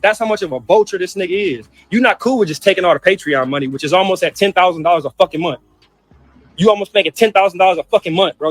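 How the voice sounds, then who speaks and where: A man ranting with heat about his mother, cursing and repeating himself, over faint music. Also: high-pitched. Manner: heated, profane, repeats himself. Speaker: brother in a family feud clip. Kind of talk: emotional rant.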